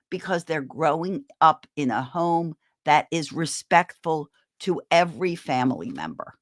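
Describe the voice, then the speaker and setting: A woman giving a live-streamed parenting talk, animated and encouraging as she leads the audience in a laughter exercise. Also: fairly low pitch, dry recording, studio quality. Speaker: parenting speaker.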